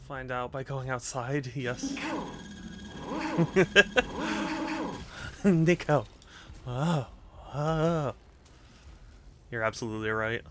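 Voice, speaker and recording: While gaming on a live stream, a man chats casually with viewers, laughing often and restarting sentences. His medium-pitched voice is very animated yet very slow, with long pauses and background noise.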